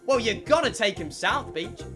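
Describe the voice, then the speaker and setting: A man's voice: high-pitched, animated, normal speed, over music. A man voicing a friendly, talkative woman Uber driver with folksy speech. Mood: teasing.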